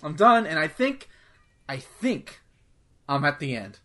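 Talking slowly, this podcast co-host has a high, bright, pushed voice whose pitch swoops wildly. He rambles casually about video games, leaning heavily on "like" and cursing freely.

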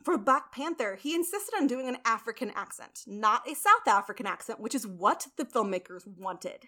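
A woman hosting a casual podcast, telling film history in a lively way and acting out quotes. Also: on the high side, moderate pace. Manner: animated storyteller acting out quotes. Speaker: podcast host.

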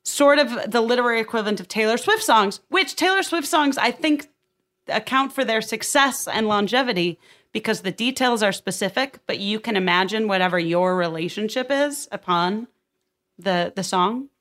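A young woman hosting a casual book discussion, thinking out loud with frequent restarts. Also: a little high, moderate pace. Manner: thinks aloud with restarts, animated.

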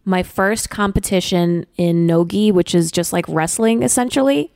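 A woman's voice: fairly low pitch, moderate pace, gravelly, a little mellow, no room sound, studio quality. A woman in her late thirties, telling a personal story in an earnest, reflective way. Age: late 30s. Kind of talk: casual chat.

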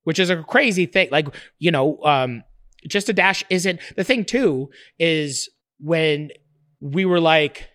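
Profane, rambling man, higher voice. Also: measured pace, dry recording, studio quality. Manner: rambling, profane, restarts often; animated, laughs while telling stories. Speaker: interview guest, cooking show creator. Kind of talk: casual interview talk.

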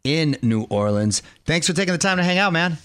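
A man's voice: on the high side, expressive, fairly quick, a bit bright, clean tone. A man hosting a casual interview, friendly and slangy. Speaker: host.

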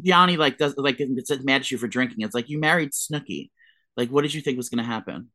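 Guy rattling off gossip super fast, dramatic, dry studio sound. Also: mid-range voice, bright, forceful tone, no room sound. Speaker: podcast co-host. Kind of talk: casual chat.

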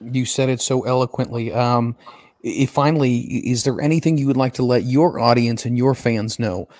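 A man's voice: medium pitch, normal speed, darkish tone. A man interviewing a guest, polite and lightly joking as he asks his final question.

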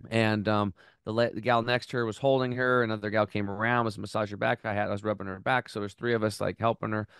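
A man hosting a health podcast, earnestly telling an emotional story in a close, animated way with many restarts. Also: fairly low pitch, fast, creaky, smooth, no room sound. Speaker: podcast host.

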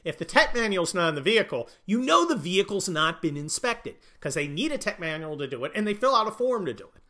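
A man giving opinionated casual commentary, blunt and crude with joking asides, swinging from loud bursts to muttered remarks. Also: high-pitched, big pitch swings, quick pace.

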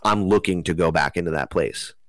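A young man from New Jersey telling a rambling, animated story in casual conversation, loose with slang and swearing. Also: sits low, a little fast, dry recording.

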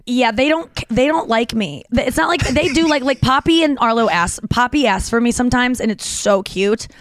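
A woman's voice: fairly high pitch, normal speed, no room sound. Chatty woman telling stories, dry mic. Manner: animated storyteller, many restarts and fillers. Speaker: podcast co-host. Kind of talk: casual chat.

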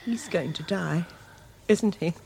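A woman's voice: fairly low pitch, slow, gravelly, darkish tone. A woman playing a grief-stricken young mother in a vintage radio drama, pleading and fearful. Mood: despairing. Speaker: mother of a dying boy. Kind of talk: 1940s radio acting. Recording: noisy vintage radio recording.

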